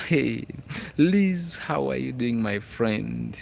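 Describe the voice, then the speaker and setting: A fairly high, expressive male voice with vocal fry and a darkish tone comes through slowly, with a little hiss or hum in the audio. He's a Ugandan livestream host speaking Ugandan English, chatting casually, reading viewer comments and checking in with "hmm?" He's outside on school grounds at night.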